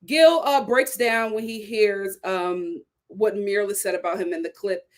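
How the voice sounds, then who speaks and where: A young woman with a light Philadelphia accent hosting a casual live-stream chat, talking in an animated way with frequent "right?" asides. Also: medium pitch, measured pace. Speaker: host reviewing a reality show.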